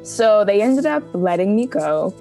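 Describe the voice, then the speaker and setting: A woman's voice: mid-range voice, big pitch swings, a little slow, warm tone, faint music behind, poor audio. A woman photojournalist telling her own story candidly, emotional and close to tears, laughing through hard moments. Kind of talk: personal storytelling interview.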